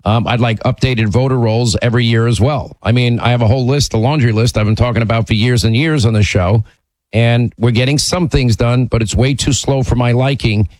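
A man's voice: medium pitch, fairly quick, darkish tone, no echo, rough recording. Male call-in radio host, emphatic and conversational, dry studio mic.

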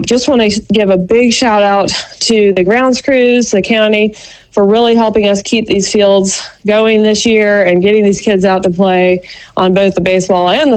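A woman's voice: medium pitch, darkish tone, low-quality recording. Woman, radio chat, chatty, filler-heavy, self-deprecating. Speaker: youth league reporter on call-in.

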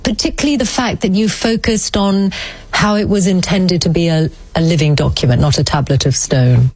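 A woman interviewer asking measured, probing questions. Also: on the low side, a little mellow, no echo.

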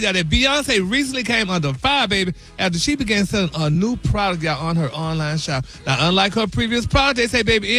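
Flamboyant male gossip correspondent, high and bright, sassy delivery. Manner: flamboyant and sassy, calls everyone honey and baby, breaks into song. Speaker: celebrity news correspondent. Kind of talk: radio show celebrity gossip.

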